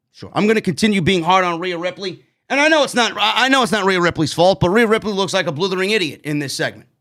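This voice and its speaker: A man's voice: high voice, bright, forceful tone. A man reviewing a wrestling show on his own, blunt and sarcastic, swearing freely. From New York. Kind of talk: opinionated solo show review.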